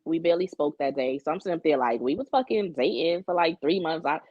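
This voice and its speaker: In a casual podcast chat, a young woman co-host shares her dating stories candidly and swears freely. She speaks fast with lively intonation in a voice that sits low. The recording is dry, with a dull lo-fi quality.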